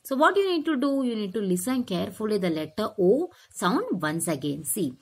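A woman's voice: mid-range voice, big pitch swings, moderate pace, few pauses, darkish tone, slightly rough. A woman teaching a phonics lesson to children, sounding out letters one by one and quizzing them as she goes.

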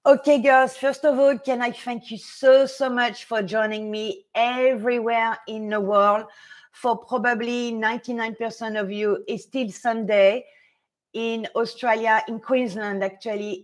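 A woman, a fashion stylist chatting casually with viewers on a live stream, excitable, nervous and laughing often. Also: a little high.

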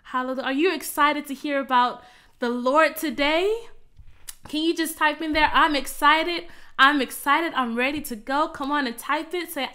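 Fervent woman minister, fairly high voice. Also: pushed and bright. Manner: fervent prayer, many murmured interjections; chatty, coaxing viewers to type in the chat. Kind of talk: prayer and sermon on a virtual service.

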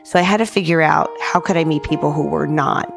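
A middle-aged woman from New Jersey, a guest telling stories in an animated, chatty way, often saying "like". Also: sits low, fairly quick, gravelly, music in the background. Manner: lively, says "like" often, acts out quoted dialogue. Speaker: guest, public art director. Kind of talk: animated storytelling in casual chat.

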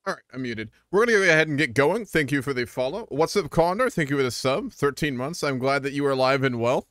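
A man's voice: medium pitch, animated, fast, fairly bright tone, dry recording, studio quality. A young man streaming a strategy game, chatting casually with viewers and rambling with fillers. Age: young adult. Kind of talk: casual live-stream commentary.

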